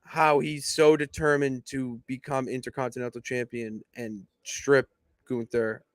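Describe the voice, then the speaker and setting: A young man co-hosting a casual wrestling podcast, emphatically pitching how storylines should go. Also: measured pace, dry recording, studio quality. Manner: emphatic, animated booking pitches. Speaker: podcast co-host. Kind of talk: casual wrestling analysis chat.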